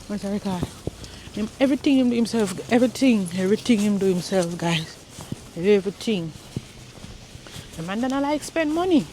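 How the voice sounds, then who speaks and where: A woman's voice: medium pitch, moderate pace, warm tone, a little hiss or hum. A young woman, chatting casually to her viewers as she vlogs on snowy streets. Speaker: vlogger. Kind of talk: casual vlog chat.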